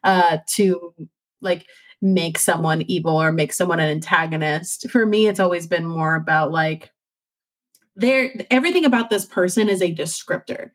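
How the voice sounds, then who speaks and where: A woman's voice: lowish voice, normal speed. A woman chatting casually on a podcast, rambling with many "like"s and restarts. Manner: rambling, heavy use of "like" and restarts. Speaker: podcast panelist. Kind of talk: casual chat.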